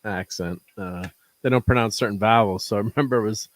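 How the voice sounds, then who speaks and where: A man's voice: on the low side, brisk. A middle-aged American man co-hosting a podcast, telling rambling stories with frequent chuckles. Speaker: podcast co-host. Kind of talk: casual podcast chat.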